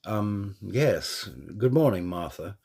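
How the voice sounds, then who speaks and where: A man's voice: on the low side, big pitch swings, slow pace, darkish tone, husky, voice pushed up, full character voice. A man voicing a reserved adult male Jedi in a fan story reading. He speaks carefully and a little awkwardly. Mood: guarded.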